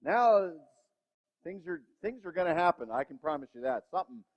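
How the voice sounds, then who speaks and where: A man preaching a sermon, self-deprecating and given to acting out inner voices. His voice sits fairly high for a man. The recording is dull and lo-fi, with a long reverb from the church hall. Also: animated, fast talker. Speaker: pastor. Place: church sanctuary.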